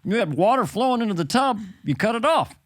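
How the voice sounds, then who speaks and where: A preachy former president who drags out his pauses and wanders through his fillers while scolding, as a man puts him on. The pitch sits high and swings widely, and the sound is close and dry. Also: sing-song, dry recording. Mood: teasing lecture. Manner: teasing, lecturing with pauses and fillers. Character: impression of a former male president, lecturing. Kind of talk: comedy impression on a podcast.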